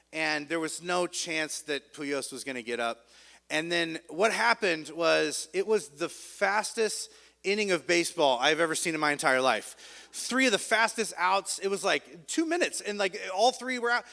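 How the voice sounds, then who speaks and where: A man giving a sermon, telling a funny story in a self-mocking, animated way. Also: a little high, creaky. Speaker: pastor. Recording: long hall reverb.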